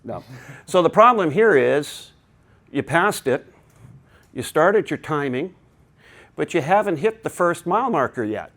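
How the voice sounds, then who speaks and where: A man's voice: on the high side, very animated, unhurried, long pauses, a bit bright. A man presenting a technical talk to a live conference audience, chatty and digressive, with joking asides. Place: conference hall.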